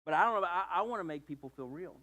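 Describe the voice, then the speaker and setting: A man preaching a sermon as pastor, telling a story in a relaxed, conversational way with joking asides about himself. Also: high-pitched, racing.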